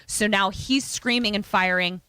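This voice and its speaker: A woman co-hosting a podcast, retelling a film with animated energy, fillers and casual swearing. Her voice sits at a middle pitch, recorded close and dry. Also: unhurried, clear, resonant tone, no room sound. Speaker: podcast co-host.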